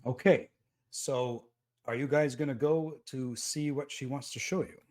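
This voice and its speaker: A man's voice: mid-range voice, fairly even intonation, a little slow, a little mellow. A man running a tabletop game as game master, talking hesitantly with many fillers.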